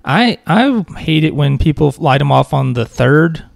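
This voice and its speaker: A man's voice: fairly high pitch, lively intonation, measured pace, vocal fry, dry recording, studio quality. A young man co-hosting a podcast, chatting casually and joking, rambling with frequent laughs. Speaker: podcast co-host. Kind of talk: casual chat.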